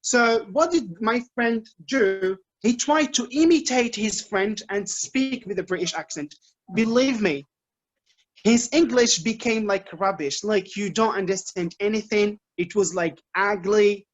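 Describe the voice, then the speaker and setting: A man with an Algerian accent giving an informal English lesson, explaining points in a lively way with frequent fillers. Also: sits high, measured pace, dull audio. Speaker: English teacher giving a talk. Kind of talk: informal lecture to students.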